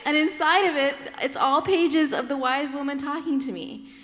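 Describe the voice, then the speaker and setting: A woman's voice: high voice, moderate pace. Candid, laughing woman on a panel. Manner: candid and animated, laughing often, shifting between voices. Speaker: conference panelist. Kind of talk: candid personal talk on a panel. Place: large conference hall. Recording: long reverb of a large hall.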